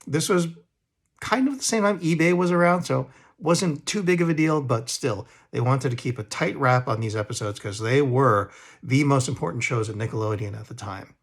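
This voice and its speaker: A man's voice: medium pitch, moderate pace, husky. Man, actor, casual reminiscing to camera, rambling, self-deprecating.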